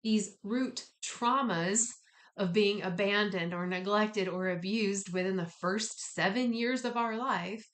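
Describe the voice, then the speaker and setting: A woman giving a casual spiritual wellness talk, conversational and gently encouraging with slangy asides. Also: medium pitch, slow. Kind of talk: casual spoken guided talk.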